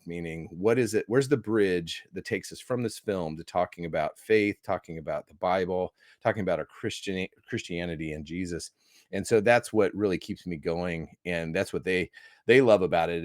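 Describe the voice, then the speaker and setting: Guest spot: American film critic, eager and talkative, lowish voice, dry close sound. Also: male voice, no echo. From United States. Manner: enthusiastic, rambling with restarts. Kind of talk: casual interview talk.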